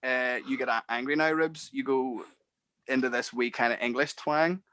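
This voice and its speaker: A man's voice: medium pitch, fairly even intonation, normal speed, a bit bright. A Northern Irish man co-hosting a podcast, chatting casually and joking with lots of fillers. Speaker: podcast co-host. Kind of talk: casual chat.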